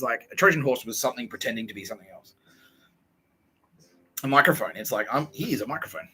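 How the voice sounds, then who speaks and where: A man's voice: medium pitch, bright, forceful tone, a little hiss or hum, rough recording. A man hosting a podcast, rambling through profane casual banter and laughing often. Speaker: podcast host.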